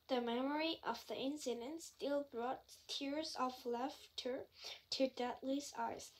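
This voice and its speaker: A woman reads a novel aloud in a high voice, at an unhurried pace. Her reading is careful, and she sometimes trips over a phrase and goes back to say it again. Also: fairly even intonation, husky, low-quality recording. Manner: careful reading with slips and restarts. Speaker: reader.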